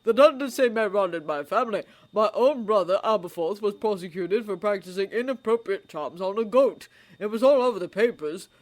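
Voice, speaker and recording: A woman voicing an old male headmaster wizard who speaks in a pleasant, measured, dryly humorous way. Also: medium pitch, lively intonation, darkish tone, pitched above the performer's own voice, lightly acted. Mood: wry.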